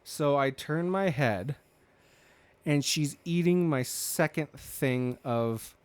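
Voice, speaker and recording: Smooth-voiced man telling a rambling story. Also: fairly high pitch, takes it slowly. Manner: rambling, swears freely, acts out quoted dialogue. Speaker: podcast host. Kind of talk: casual anecdote storytelling.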